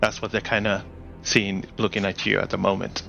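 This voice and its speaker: A man's voice: deep voice, completely flat delivery, brisk, gravelly, sharp tone, highs cut off, faint music behind. A man narrating a tabletop game as game master, describing scenes in a rambling way with plenty of fillers.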